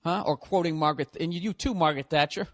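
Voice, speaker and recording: A man's voice: on the high side, fast talker. A man hosting a podcast, delivering a profane, exasperated comedic rant. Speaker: podcast host. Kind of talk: ranting comedic monologue.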